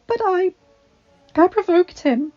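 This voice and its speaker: A woman voicing a frightened, gentle young heroine, tearful and pleading with shaky breath, in a storybook reading. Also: sits high, normal speed, gravelly, pitched above the performer's own voice. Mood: distraught. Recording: slightly dull, faint background music.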